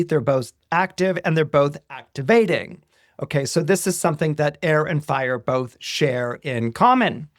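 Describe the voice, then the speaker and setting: A man, an astrologer, explaining horoscopes to listeners in a deliberate way. He keeps checking in with "okay?" and slows down on the phrases he wants to stress. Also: on the high side, no room sound, studio quality.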